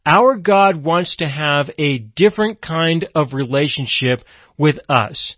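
Taking it slowly, a man with a higher voice and lively intonation reads scripture aloud in an expository sermon and explains it. He adds dramatic emphasis when voicing the grieving sisters' accusations. The recording has no echo and sounds dull, lo-fi and dry.

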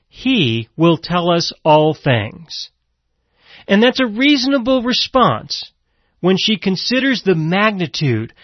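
A man's voice: sits high, dry recording. A man preaching a broadcast Bible-teaching sermon, emphatic and repeating key phrases for weight. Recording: dull, lo-fi and dry.

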